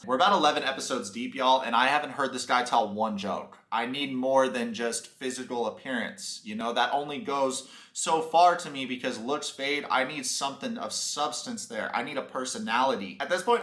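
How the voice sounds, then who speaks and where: A man's voice: medium pitch, fairly bright tone. A young man giving sarcastic, jokey commentary on a reality show. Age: young adult. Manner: mocking, jokey, quick asides. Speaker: YouTube reaction commentator. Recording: roomy echo.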